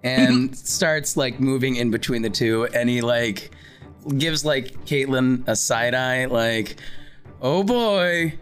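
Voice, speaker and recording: A man's voice: mid-range voice, fairly even intonation, takes it slowly, clean tone, faint music behind. A man playing a tabletop game, easygoing, describing what his character does. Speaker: player. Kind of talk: casual tabletop play.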